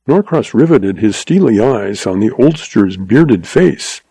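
A man giving steady, measured scripted narration of a western audiobook. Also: on the low side, vocal fry, breathy edge, no echo.

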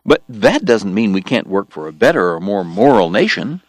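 A man voicing an earnest, smooth-talking male political organizer who talks eagerly and persuasively. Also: fairly low pitch, big pitch swings, moderate pace, no room sound, clean studio sound. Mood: coaxing. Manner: eager, persuasive, bright-toned.

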